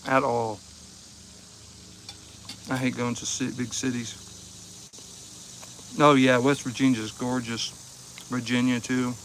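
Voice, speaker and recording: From outside behind his house, with insects around, an Ohio man hosts a casual livestream, easygoing and joking with viewers and chuckling often. His medium-pitched voice moves little in pitch and comes slowly with frequent pauses, a bit bright, over slight background noise.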